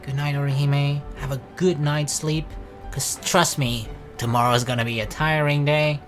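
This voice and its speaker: A woman reading the lines of a polite, smooth-talking young male student in a visual novel game. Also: deep voice, steady tone, normal speed, faint music behind, lightly acted. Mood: charming.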